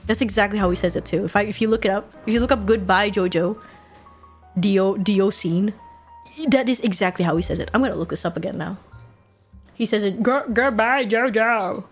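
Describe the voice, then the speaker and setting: Young woman streamer, excitable and giggly, casual chat, low music bed. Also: brisk. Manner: giggly, excitable, swears casually, repeats quotes.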